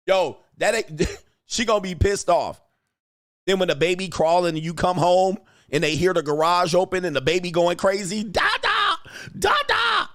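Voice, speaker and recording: A man hosting a livestream, ranting casually and profanely while acting out quotes in animated bursts. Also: high-pitched, moderate pace. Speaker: livestream host. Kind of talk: casual commentary rant.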